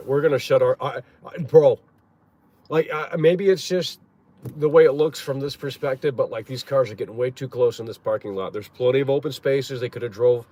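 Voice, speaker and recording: A man's voice: mid-range voice, darkish tone, a little hiss or hum. A man streaming live from his parked car, chatting in a rambling, blunt and profane way with lots of fillers. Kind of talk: casual live-stream chat. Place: parked car in a parking lot.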